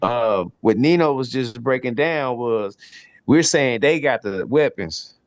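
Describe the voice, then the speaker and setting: A man's voice: medium pitch, lively intonation, unhurried, no room sound. A man hosts a casual podcast panel discussion, talking in an easygoing conversational way. The sound is dry and close, with a dull, lo-fi quality, as if through a modest setup. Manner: casual, asks viewers to like and subscribe. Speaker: podcast host.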